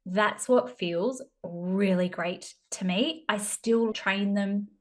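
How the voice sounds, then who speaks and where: A woman's voice: medium pitch, takes it slowly. A woman in her thirties with an Australian accent, hosting a solo business podcast in a chatty, self-deprecating way. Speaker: podcast host, business coach. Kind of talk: casual solo podcast talk.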